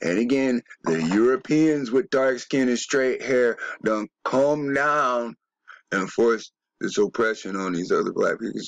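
A man's voice: on the low side, no echo. A man delivering a rambling, emphatic monologue, often swearing and throwing in rhetorical questions. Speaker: video commentator.

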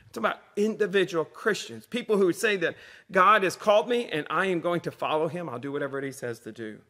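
Man preaching a relaxed conversational sermon. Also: high-pitched, fast. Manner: conversational preaching with repeated refrains. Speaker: pastor.

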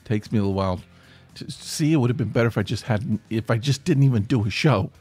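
A man hosting a casual solo podcast, hoarse with his voice nearly gone, rambling and grumpy in a joking way. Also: lowish voice, fast, a little mellow, faint music behind. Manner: rambling, self-interrupting, grumpy humor. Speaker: podcast host. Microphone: podcast microphone.

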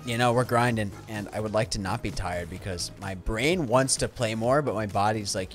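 A young man giving casual, chatty gameplay commentary, swinging between loud hype and quiet muttering. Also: on the low side, normal speed, hardly any pauses, faint music behind. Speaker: gaming YouTuber.

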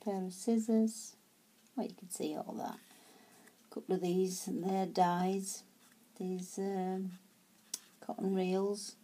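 A woman talks through her handmade craft tags in a casual, chatty way. She speaks slowly with a warm, mellow tone, often stumbling over words and restarting. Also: mid-range voice, level tone. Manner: chatty, hesitant, many fillers and restarts. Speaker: craft vlogger. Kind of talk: casual show-and-tell.

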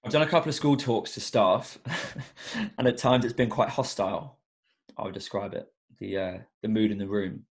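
A man's voice: lowish voice, steady tone, moderate pace. A young man who works as an education coach, talking earnestly and reflectively as a guest on a podcast, with many fillers. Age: young adult. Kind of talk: casual podcast interview.

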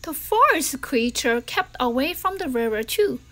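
Brief: woman reading a children's story aloud, expressive, fairly high voice, loud then hushed. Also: a little slow. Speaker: storybook reader.

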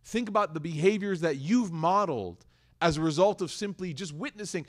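Animated man giving a conversational sermon. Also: on the high side, fairly quick. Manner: conversational, animated, addresses audience directly. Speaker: religious community speaker. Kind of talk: lively sermon with storytelling.

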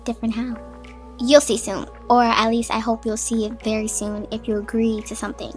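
A woman's voice: fairly high pitch, level tone, fairly quick, faint music behind, lightly acted. A woman voicing an ambitious young female fashion designer, speaking earnestly about her first collection.

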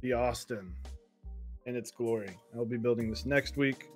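A man's voice: mid-range voice, steady tone, normal speed, faint music behind. A man co-hosting a casual talk show, chatting loosely with lots of fillers. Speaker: co-host. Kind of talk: casual chat.

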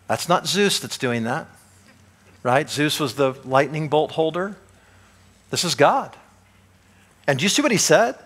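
A middle-aged male pastor preaching a sermon, animated, with many rhetorical questions to the congregation. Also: fairly high pitch, moderate pace, pauses often.

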